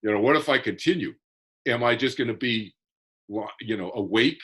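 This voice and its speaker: A man with a husky, slightly rough voice at a middle pitch, talking as a guest in a casual interview. He explains things earnestly and methodically, stumbling into repeated restarts as his thoughts gather. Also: fairly quick, a bit bright.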